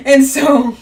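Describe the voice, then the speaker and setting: A woman co-hosting a casual podcast chat, animated and laughing, acting out the people she talks about. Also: high-pitched, gravelly, distant mic. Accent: Boston. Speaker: podcast co-host.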